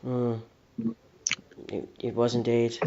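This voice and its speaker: A man's voice: mid-range voice, completely flat delivery, takes it slowly, a crowd in the background. A man co-hosting a comedy podcast, carrying on a silly story in a dry, hesitant way. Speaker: podcast co-host. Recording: dull lo-fi audio with faint noise.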